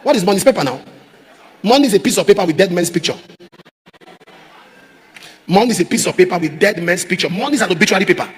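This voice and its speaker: A man preaching a sermon as pastor, repeating refrains and rising to shouts. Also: high voice, expressive, quick pace, pauses often. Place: large church auditorium. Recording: echoey church hall.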